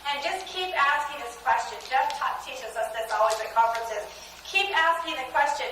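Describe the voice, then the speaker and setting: A woman's voice: high-pitched, normal speed, noisy background. A woman giving a chatty, enthusiastic motivational talk at a sales training event, speaking to a live audience. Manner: chatty and enthusiastic, with frequent restarts. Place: large meeting room with a live audience. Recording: echoey room recorded from a distance.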